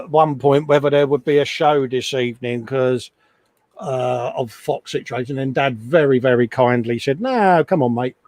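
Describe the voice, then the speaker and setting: A middle-aged man talks casually into a desk microphone, self-mocking and chatty, at an ordinary middle pitch. The sound is very dry and close. He rambles on with a relaxed ease. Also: dry recording. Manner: chatty, self-mocking, frequent laughs and asides. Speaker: livestream host. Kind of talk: casual live chat while hobby modelling. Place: home hobby workshop.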